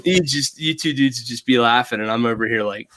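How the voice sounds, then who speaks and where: A man's voice: medium pitch, brisk, a bit bright. A man co-hosting a podcast, asking questions in a joking, self-deprecating way. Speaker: podcast co-host. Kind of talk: casual chat.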